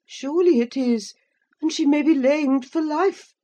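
A woman's voice: high-pitched, a little slow, mellow, dull audio, pitched above the performer's own voice. A woman reading aloud and voicing a prim older lady of the manor, who speaks in an indignant, exclamatory way.

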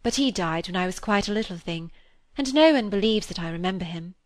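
A woman's voice: medium pitch, animated, a little fast, no echo, natural voice. A woman reading a candid, self-mocking young woman. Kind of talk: reading a classic novel aloud.

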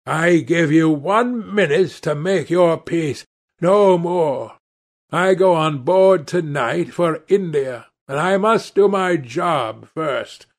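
A man voicing a vengeful rough sailor who threatens slowly and with heavy emphasis. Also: fairly high pitch. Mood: menacing.

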